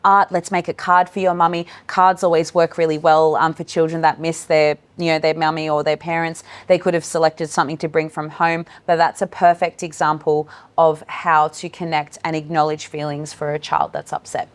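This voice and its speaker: Encouraging woman leading a workshop, lowish voice. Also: fairly even intonation, brisk, few pauses. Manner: warm, encouraging, addresses room and online audience. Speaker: workshop presenter. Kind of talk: live training workshop for educators. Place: meeting room with in-person and online attendees.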